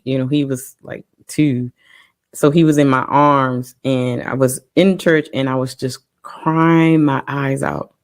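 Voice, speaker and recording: A woman co-hosting a parents' talk show, telling a personal story in an emotional, halting way with many pauses and restarts. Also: very deep voice, steady tone. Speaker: parent co-host. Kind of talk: casual personal testimony.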